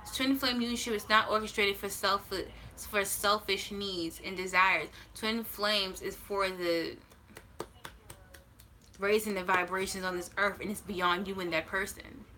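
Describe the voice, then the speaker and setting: A woman's voice: medium pitch, steady tone, sharp tone, a little hiss or hum, low-quality recording. A woman tarot reader talking casually on a livestream, blunt and reassuring, swearing freely and stretching out her key words for emphasis. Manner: emphatic, drawn-out stresses.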